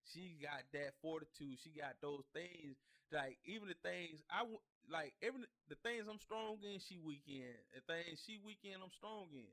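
A man's voice: a little high, normal speed, fairly bright tone. A man co-hosting a podcast in casual conversation, laid-back and slangy, often tagging "you know what I'm saying.". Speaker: podcast co-host.

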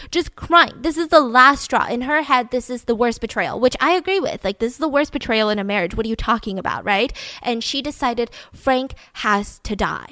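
A woman's voice: on the high side, no room sound. Chatty woman telling a crime story. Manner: chatty, animated retelling with quoted voices. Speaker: podcast host. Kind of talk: casual true-crime storytelling.

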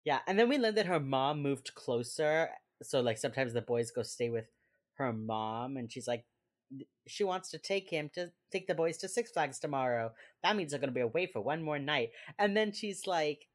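A young woman with a deep voice hosts a casual podcast. She recaps a show in loose, filler-heavy chat and breaks into laughter as she quotes the characters. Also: expressive, a little fast. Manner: chatty, lots of fillers, acts out quotes with laughs. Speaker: podcast co-host recapping a TV episode.

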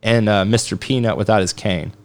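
A man's voice: on the low side, brisk. A man hosting a casual podcast, joking around loosely and running a quiz game. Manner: laid-back joking quiz-giver. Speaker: podcast host. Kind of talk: casual chat.

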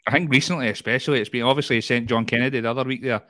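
A man's voice: mid-range voice, fairly even intonation, rapid-fire, bright, forceful tone, no room sound. Scottish man chatting, dry close sound. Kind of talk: casual chat.

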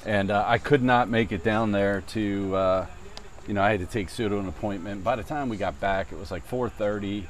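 Guy rambling through a golf story, swears a lot, yells the quotes, bit of hiss behind. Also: on the low side, normal speed. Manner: animated, swearing, mimics yelling voices in stories. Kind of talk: casual storytelling chat.

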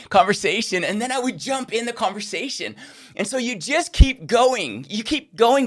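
A middle-aged man preaching a sermon, telling a personal story and acting out the voices he quotes. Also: high-pitched. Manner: animated, acts out quoted voices.

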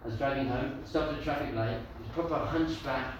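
A man teaching a lively Torah class as a rabbi, telling stories and acting out the voices in them. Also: mid-range voice, brisk. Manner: animated storyteller, acts out voices, laughs with listeners. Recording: echoey room, far from mic, noisy.

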